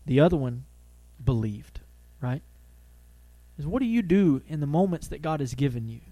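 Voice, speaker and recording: Male pastor, slightly high voice, dry close mic; animated sermon delivery with questions to the congregation. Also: moderate pace, dry recording. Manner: animated, asks the audience questions, acts out quoted voices.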